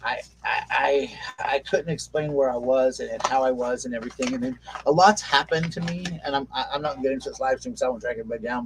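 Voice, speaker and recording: A man's voice: mid-range voice, slight background noise, poor audio. A man chatting casually on a home live stream, rambling and often interrupting himself.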